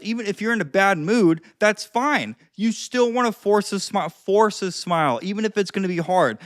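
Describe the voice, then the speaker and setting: A man's voice: high voice, a bit bright, dry recording, clean studio sound. A young man giving casual social-skills advice to camera, rambling with lots of fillers and the odd swear word. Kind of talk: casual talking-head advice.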